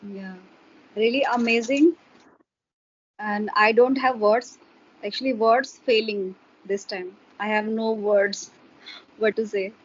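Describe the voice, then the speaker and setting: A woman's voice: mid-range voice, fairly even intonation, slow pace, pauses often. Encouraging woman on a muffled call. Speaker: conversation partner. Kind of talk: casual conversation practice.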